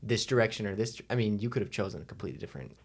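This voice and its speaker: A man's voice: lowish voice, expressive, rapid-fire. An American man co-hosting a podcast, giving short encouraging reactions in casual interview talk. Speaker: podcast co-host.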